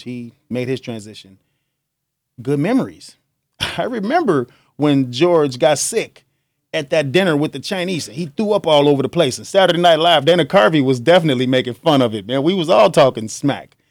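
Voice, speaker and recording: Animated, joking man hosting a podcast. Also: mid-range voice, no room sound, studio quality. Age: young adult. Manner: animated, joking, laughs often. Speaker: podcast host. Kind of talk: casual monologue.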